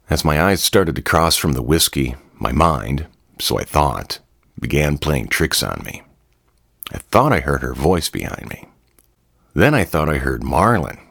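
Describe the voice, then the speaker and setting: A man's voice: rumbling low, gravelly, a bit bright, husky, dry recording, studio quality. A man narrating a first-person story in a wry, conversational way.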